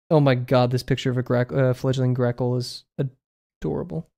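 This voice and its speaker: A man's voice: medium pitch, steady tone, normal speed, creaky, mellow. A young man streaming as he draws, chatting casually in a rambling, amused way and often correcting himself. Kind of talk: casual chat while drawing on stream.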